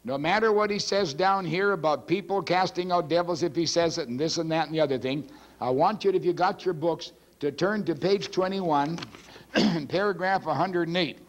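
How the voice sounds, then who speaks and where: A male preacher with a fairly high voice delivers a teaching sermon from the pulpit. He pushes his points hard, swinging his pitch up and down. He clears his throat now and then between phrases. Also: normal speed. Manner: forceful, emphatic preaching with big swings in pitch. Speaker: pastor. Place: church pulpit.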